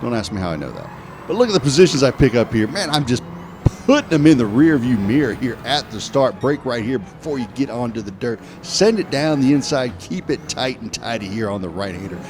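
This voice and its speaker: A man's voice: medium pitch, fairly quick, slight background noise. A man giving casual, joking commentary over racing game footage. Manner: chatty, joking, lively. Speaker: gaming video host.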